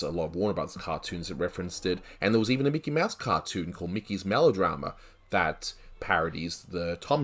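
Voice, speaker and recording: Deep-voiced man reviewing cartoons. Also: a bit bright. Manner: conversational, thinking aloud with asides. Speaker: animation reviewer. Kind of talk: video review commentary.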